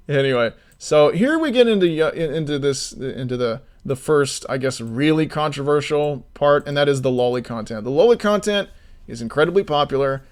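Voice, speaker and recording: A man's voice: medium pitch, normal speed, smooth. A man streaming as an indie game developer, ranting with free swearing and then explaining things in casual chat. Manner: swears freely, animated ranting storyteller; slides into explanatory commentary.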